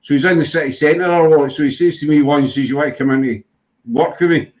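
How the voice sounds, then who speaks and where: A man's voice: a little high, fast, a little mellow, poor audio. A man chatting casually as host, rambling through stories and saying "you know" a lot. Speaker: podcast host. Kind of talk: casual chat.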